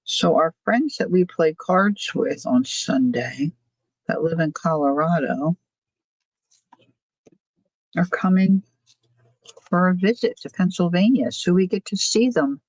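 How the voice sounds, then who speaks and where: A woman's voice: on the low side, expressive, takes it slowly, pauses often, no room sound, low-quality recording. A woman hosting a crafting livestream, chatting casually, thinking aloud and answering viewer comments as she works. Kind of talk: casual chat while crafting.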